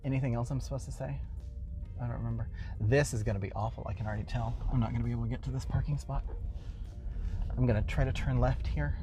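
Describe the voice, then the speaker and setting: A man's voice: medium pitch, steady tone, quick pace, mellow, faint music behind. A man hosting a casual show from his car while driving, rambling with wry, exasperated asides. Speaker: host.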